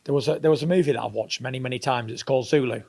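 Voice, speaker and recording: A man's voice: mid-range voice, racing, dark tone. Blunt, emphatic man in interview. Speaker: professional boxer. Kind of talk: recorded interview.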